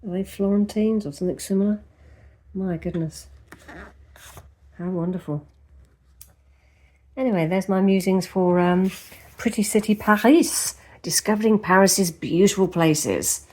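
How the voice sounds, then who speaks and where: A woman with a lowish, mellow voice talks at a measured pace and pauses often. As a lifestyle vlogger, she chats and rambles casually to the camera, speaking right to the viewer, first at home and afterward in a park outdoors.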